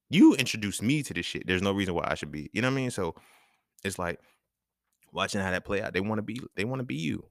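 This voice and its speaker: Male podcast host, low and animated, blunt and profane, dry close sound. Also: quick pace, gravelly, no room sound. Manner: chuckles between points. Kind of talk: casual monologue.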